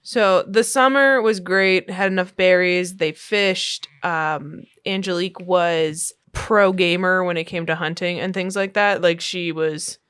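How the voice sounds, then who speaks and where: A woman hosting a podcast, telling a true story in a relaxed, chatty way with fillers and laughs. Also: on the low side, unhurried, hardly any pauses, clean tone. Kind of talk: casual storytelling chat.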